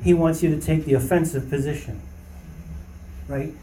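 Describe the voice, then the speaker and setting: A high-voiced man teaches scripture to a small group, emphatic and often asking "okay?". His tone is mellow and relaxed. He sounds set back from the mic in a roomy space with faint ambience. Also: normal speed, recorded from a distance, slight background noise. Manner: emphatic, rising to preaching fervor, often asks "okay?". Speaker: Bible study leader. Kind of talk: informal Bible teaching.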